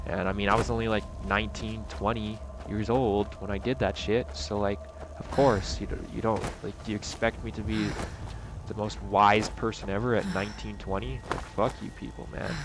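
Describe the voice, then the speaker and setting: A young man in an angry, profane vlog rant, swinging between loud outbursts and low mutters. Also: flat delivery, normal speed, music in the background. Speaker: vlogger. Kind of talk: angry personal rant to camera.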